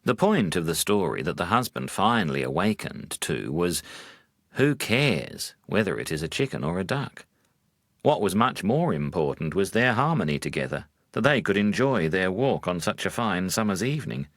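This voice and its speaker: A man, a Buddhist monk, telling humorous teaching stories in a measured way with dry wit. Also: deep voice, very animated, fairly bright tone, dry recording. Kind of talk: storytelling talk.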